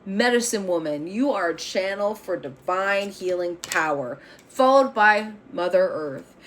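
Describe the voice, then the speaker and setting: A woman's voice: medium pitch, animated, measured pace, a little hiss or hum. Blunt, fiery woman reading tarot. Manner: blunt, fiery and profane, with emphatic declarations. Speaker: tarot reader. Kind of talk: spiritual tarot reading vlog.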